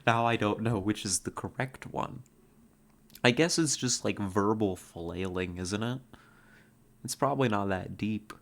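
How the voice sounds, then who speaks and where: Giggly woman streamer, slow talker. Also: extremely low pitch. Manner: giggly, excitable, playful growling noises. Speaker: game streamer. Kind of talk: casual live-stream commentary.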